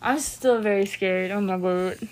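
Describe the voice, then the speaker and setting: A woman's voice: mid-range voice, a little slow, slight background noise. A teenage girl chatting casually with a friend in a giggly, rambling, slangy way. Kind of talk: casual chat between friends.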